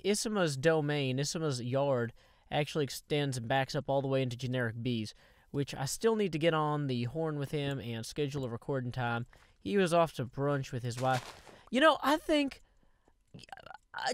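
A man with a fairly high voice talks through his building in casual gameplay commentary. He is playful and rambling, with jokey asides to the viewers. The sound is close and dry, with no room around it. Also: no echo. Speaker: Minecraft video host.

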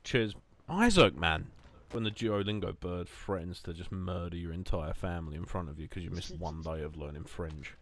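A man's voice: sits low, moderate pace, fairly bright tone. A young man joking and rambling through casual gaming chat on a headset. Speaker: gaming streamer.

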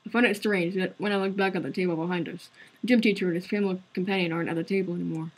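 Field: manner. Value: husky woman reading a game. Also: fairly low pitch, steady tone, rapid-fire, rough recording. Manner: earnest, conversational narration. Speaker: game streamer. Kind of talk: reading a visual novel aloud.

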